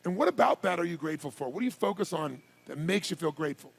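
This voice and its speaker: A man giving a live seminar address as a motivational speaker, firing rapid questions and commands at the audience. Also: fairly high pitch, lively intonation. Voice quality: gravelly, husky voice.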